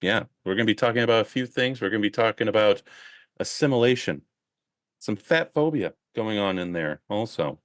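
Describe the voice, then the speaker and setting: Lively podcast host guy, voice jumps around a lot, dry close mic. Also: medium pitch, dry recording. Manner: animated, laughs often. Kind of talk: casual podcast hosting.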